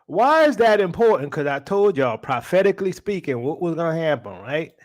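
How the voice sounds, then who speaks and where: A man preaches to his online audience with a high voice that swings widely up and down. He talks in a loose, slangy way and keeps throwing questions at his listeners. His delivery stays energetic throughout. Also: brisk. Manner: animated, rhetorical questions to the audience; slangy, calls the audience y'all. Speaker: preacher and livestream host. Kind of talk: preaching on a livestream.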